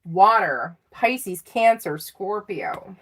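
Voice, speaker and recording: Casual tarot reader, middle-aged woman, slow and chatty with frequent laughs. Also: mid-range voice, expressive, fairly bright tone. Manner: chatty and self-teasing, laughing often. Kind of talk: live tarot reading.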